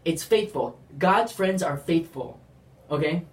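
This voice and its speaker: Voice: medium pitch, a little slow. A speaker giving a casual faith testimony, rambling with lots of "like" and acting out quotes animatedly. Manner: rambling, heavy use of "like"; animated storytelling with acted-out quotes. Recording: roomy, distant from the mic.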